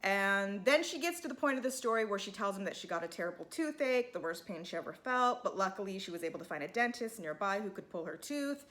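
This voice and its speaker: A woman's voice: mid-range voice, lively intonation, fast talker, hardly any pauses, fairly bright tone. A woman giving a casual, opinionated and sarcastic recap of a reality TV episode. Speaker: TV recap vlogger.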